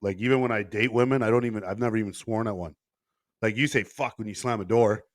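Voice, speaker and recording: A man's voice: on the low side, steady tone, fast, no room sound, clean studio sound. A man hosting a podcast, telling a story bluntly with plenty of swearing in casual conversation. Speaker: podcast host.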